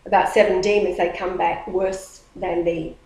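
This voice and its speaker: A woman telling a story in casual talk, animated and rambling, often restarting her sentences. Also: on the low side, normal speed. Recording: roomy echo.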